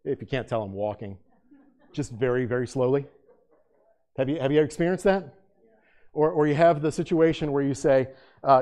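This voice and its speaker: A man teaching a Bible study as pastor to a live room, joking and animated, turning hushed and earnest when he prays. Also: mid-range voice, a little fast. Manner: drops to a hushed, earnest tone in prayer. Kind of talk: conversational sermon.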